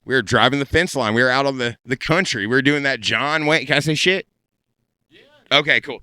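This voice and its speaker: A stand-up comedian telling a crude story in a podcast studio, with a brash, animated delivery. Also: male voice, mid-range voice, fairly quick, smooth, no room sound.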